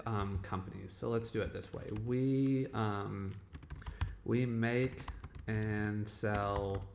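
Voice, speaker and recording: A man's voice: medium pitch, slight background noise. A man teaching a casual lecture, talking in a conversational way and often checking in with "okay?" and "right?". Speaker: web development instructor. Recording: echoey room.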